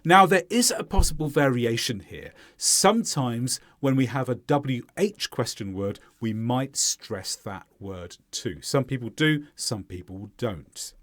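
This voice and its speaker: Brief: male English teacher with a lively, sing-song delivery who demonstrates stress patterns slowly and clearly. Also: medium pitch. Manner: clear, deliberate modeling of stressed words. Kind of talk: pronunciation lesson.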